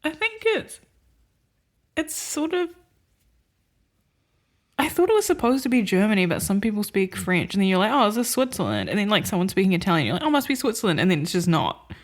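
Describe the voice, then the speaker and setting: A woman's voice: mid-range voice, expressive, a little fast, pauses often. A woman co-hosting a podcast, chatting loosely about films she saw, rambling with lots of filler words and frequent laughs. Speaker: podcast co-host. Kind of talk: casual chat reviewing films.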